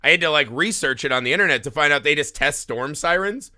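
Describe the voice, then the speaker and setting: Animated bright-voiced man telling stories. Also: on the high side, fast talker. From US Midwest. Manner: animated, swearing, acts out shouts and laughs while telling stories. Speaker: podcast host. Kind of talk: casual chat, animated storytelling.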